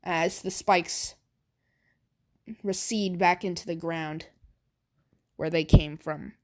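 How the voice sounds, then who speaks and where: A woman's voice: lowish voice, fairly even intonation, slow. A woman improvising a fan story aloud, hesitant and stammering with many fillers.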